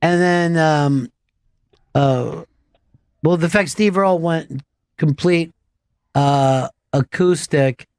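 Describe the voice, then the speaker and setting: A man's voice: fairly high pitch, slow pace, pauses often, darkish tone, smooth, dry recording. A man hosting a radio show in loose, profane, casual chat full of fillers.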